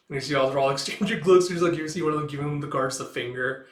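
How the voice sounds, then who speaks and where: A man's voice: on the high side, fast, roomy sound. A man casually reading through a comic book aloud, with loose, chatty phrasing and lots of "like". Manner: loose and chatty, with frequent fillers like "like". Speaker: comic reader and reviewer.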